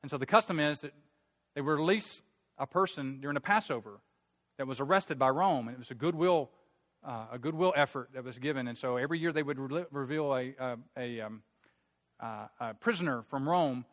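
A man preaching a sermon, retelling a Bible story in a conversational, animated way. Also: medium pitch, fairly quick.

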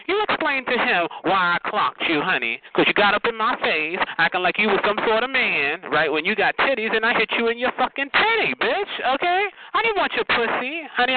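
A man ranting sassily and profanely in a casual chat on a phone line, calling his listeners honey and child. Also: high voice. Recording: noisy, tinny phone line.

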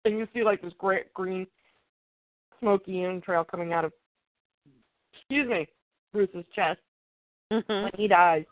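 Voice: medium pitch, a little slow, long pauses, no echo. A comic book reviewer casually recapping an issue, rambling and reading the dialogue aloud plainly. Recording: tinny, dry phone-like sound.

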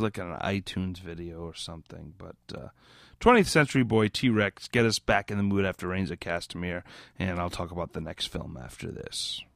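A man's voice: sits low, creaky, a bit bright, no room sound, clean studio sound. A drunk man hosting a podcast, rambling and giggly, who keeps drifting into mock British slang. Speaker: podcast host. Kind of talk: casual rambling podcast chat.

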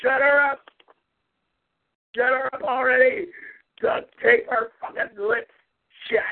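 A high-pitched man hosting a rough-edged talk show, taunting rivals with profanity. He speaks slowly and carries a gravelly fry. His voice comes through thin and tinny, as over a phone line. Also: level tone. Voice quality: profane, taunting, repeats catchphrases.

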